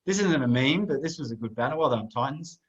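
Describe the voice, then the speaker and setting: A man's voice: medium pitch, lively intonation, fast, slightly rough, muffled recording. A man, co-hosting a casual sports podcast and rambling through photos with plenty of fillers. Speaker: podcast co-host.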